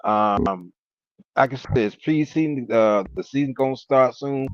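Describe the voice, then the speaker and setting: A man chatting as a guest on a sports fan live stream, relaxed and hesitant. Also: medium pitch, measured pace, dry recording, lo-fi sound. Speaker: guest, host's brother.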